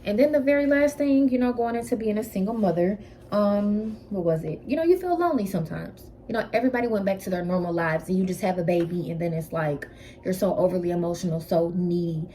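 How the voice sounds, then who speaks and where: A first-time mother speaks candidly at home in a casual vlog, sharing her postpartum experiences and giving frank advice. Her medium-pitched voice is mellow and quick, with slight background noise.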